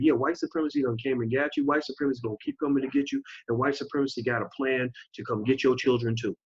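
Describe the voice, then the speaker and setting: A man's voice: medium pitch, expressive, fast, few pauses, slightly rough. A man in his forties hosting his own channel, delivering an emphatic, preachy opinion monologue and repeating phrases for stress. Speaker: channel host. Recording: dull lo-fi recording.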